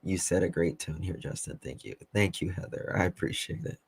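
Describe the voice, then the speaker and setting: A man hosting a casual live stream as a web sleuth, reading chat comments in a calm, dry, teasing way. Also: deep voice, a little fast, breathy edge, dry recording.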